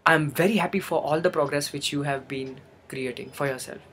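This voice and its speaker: A man's voice: a little high, fairly quick, a bit bright, slight background noise. A young man giving an earnest motivational talk, repeating phrases for emphasis. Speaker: motivational speaker. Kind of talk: motivational monologue.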